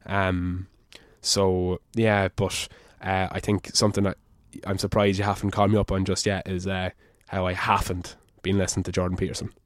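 Opinionated man, low voice, dry sound. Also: level tone, normal speed, no room sound. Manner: opinionated, casual swearing. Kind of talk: casual chat.

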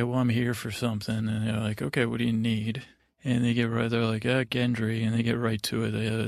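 A man's voice: fairly low pitch, vocal fry, dry recording. A man hosting a podcast, rambling through a drowsy, meandering recap full of fillers and asides. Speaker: podcast host.

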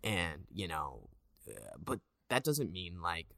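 Speaking slowly in a creaky voice, this man in his thirties is an actor guest in a casual interview. He's an animated storyteller who slips into a higher voice to act out quotes. There's no room sound on the recording.

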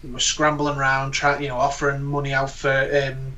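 A man's voice: mid-range voice, monotone, brisk, bright, forceful tone, highs cut off. A man giving his views as a guest pundit in a casual chat, earnest and full of fillers and restarts. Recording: voice distant from the mic.

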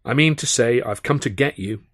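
A man voicing a stage performer who calls out in brisk, coaxing bursts to wake a rival. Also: mid-range voice, a bit bright, no echo, clean studio sound, lightly acted. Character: rueful English stage performer rousing a rival.

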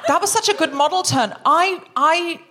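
A woman's voice: very high-pitched, normal speed, noisy background. A woman hosting a live comedy podcast on stage, self-mocking and giggly, rambling through her jokes. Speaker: host. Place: live theatre stage before an audience.

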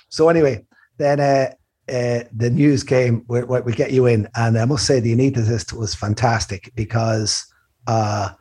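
A middle-aged Irish man hosting a chat show, telling an animated story, swearing freely and doing the other people's voices himself. His voice is husky. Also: mid-range voice, normal speed. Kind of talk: casual chat.

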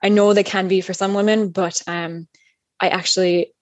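A woman's voice: medium pitch, flat delivery, moderate pace, no room sound. A woman telling her birth story as an interview guest, candid and rambling, with plenty of fillers and laughs. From United States. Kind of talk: casual chat.

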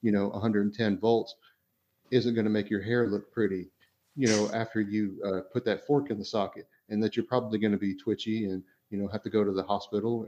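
A man's voice: lowish voice, a little mellow. A man co-hosting a podcast in casual discussion, rambling along with lots of fillers and restarts. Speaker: podcast co-host. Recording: dull lo-fi sound.

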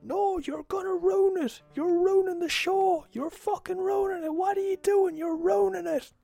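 A man's voice: very high-pitched, steady tone, moderate pace, creaky, dark tone, no echo, soft background music, voice pushed up. A man putting on a crowd of furious teenagers who scream and shriek at people running away.

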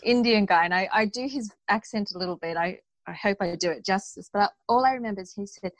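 A woman, a guest in a conversational interview, speaks earnestly and tells her story with animation. Her voice sits at a middle pitch. The recording is dry and close, with no room sound. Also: fast, hardly any pauses, no echo, poor audio.

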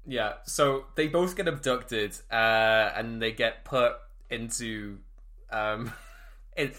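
Bright-voiced animated male podcast host. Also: mid-range voice, slow pace. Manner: animated, laughs often, acts out film quotes. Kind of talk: casual chat.

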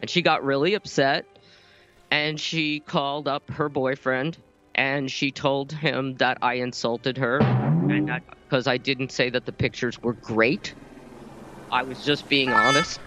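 A man's voice: mid-range voice, fairly even intonation, slow, pauses often, loud music behind the voice. A man talking casually as a podcast guest, telling rambling stories about playing in bands, with lots of fillers. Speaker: guest musician.

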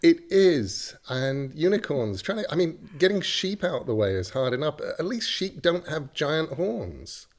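A middle-aged man chatting as a comedic guest, rambling with dry asides and quiet chuckles. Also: on the high side, big pitch swings, measured pace, few pauses. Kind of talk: improvised comedy chat.

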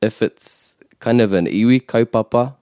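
A man's voice: medium pitch, normal speed, mellow, no echo, clean studio sound. A man teaching a language lesson on a podcast, explaining patiently and switching into Māori phrases.

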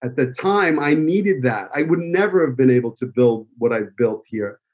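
The recording is muffled, and the man's mid-range voice is animated at a moderate pace. Owner of an acting school, he speaks with a New York accent in a heartfelt tribute that rambles emotionally and is full of fillers.

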